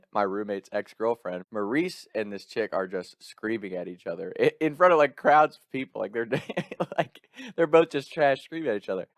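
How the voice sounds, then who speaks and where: A young man casually telling a personal story in an animated way, laughing often and swearing freely. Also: on the low side, dry recording, studio quality.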